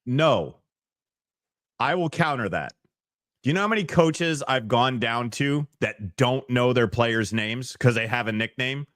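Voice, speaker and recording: A man's voice: mid-range voice, expressive, a bit bright, no echo, clean studio sound. A man co-hosting a soccer podcast, bluntly pushing back in casual banter. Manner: blunt, quick to push back.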